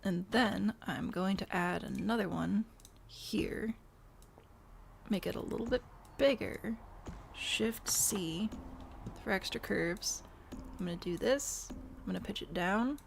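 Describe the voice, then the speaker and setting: Wry woman streaming, with gravelly fry. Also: mid-range voice, slow pace, long pauses, a little hiss or hum. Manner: wry, self-deprecating, reads chat aloud and answers. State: has the hiccups. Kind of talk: casual live-stream chatter while building in a game.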